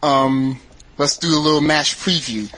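A man's voice: on the high side, unhurried, a bit bright, poor audio. A man hosting a casual football podcast, steering the talk between segments with a joking tone. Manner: joking, moves the show along. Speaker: podcast host.

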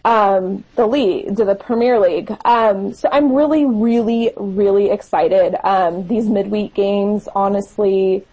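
A woman's voice: medium pitch, a little slow, few pauses, mellow, husky, highs cut off. A woman co-hosting a podcast, talking football casually with many fillers and restarts, teasing her co-hosts. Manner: hesitant, lots of fillers, teasing. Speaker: podcast co-host.

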